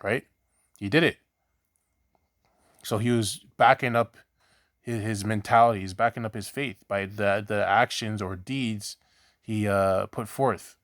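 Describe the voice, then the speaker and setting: Low-voiced man preaching casually. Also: fairly even intonation, measured pace, pauses often, no echo, studio quality. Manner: conversational, repeats 'right?' and restarts; blunt, swears in examples. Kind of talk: informal scripture teaching.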